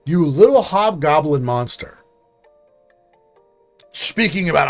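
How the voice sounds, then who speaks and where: Casting note: high-pitched male host, sarcastic and crude, with faint music underneath. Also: big pitch swings, unhurried, pauses often. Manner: sarcastic, mocking, profane. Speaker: commentary show host. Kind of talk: reaction commentary.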